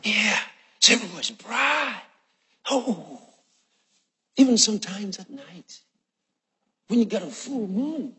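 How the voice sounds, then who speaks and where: A man preaching a sermon, quoting scripture slowly and with emphasis between long pauses. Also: sits high, very animated, sharp tone, breathy edge. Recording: long reverb of a large hall.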